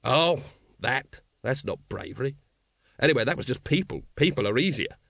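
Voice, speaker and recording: A man voicing a gruff, weary middle-aged watchman in a storybook reading, grumbling in a low tone. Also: expressive, normal speed, fairly bright tone, dry recording, studio quality. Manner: gruff and grudging.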